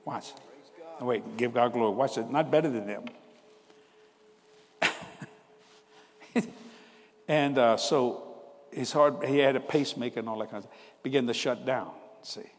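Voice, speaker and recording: A man's voice: medium pitch, unhurried, long pauses, husky, in a large hall. A man in his seventies preaching a sermon, telling family stories in a folksy, conversational way and laughing at his own tales. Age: 70s. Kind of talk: storytelling sermon.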